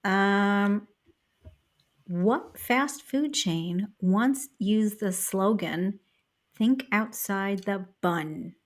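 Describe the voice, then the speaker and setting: Relaxed middle-aged woman reading trivia. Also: medium pitch. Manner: relaxed, chuckling, reads questions slowly. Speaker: podcast co-host, trivia reader. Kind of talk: casual podcast chat.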